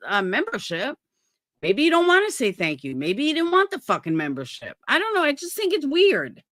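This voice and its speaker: A woman's voice: mid-range voice, a bit bright, no room sound, clean studio sound. A woman hosting a livestream, talking bluntly and profanely in casual commentary and asking her viewers rhetorical questions. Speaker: livestream host.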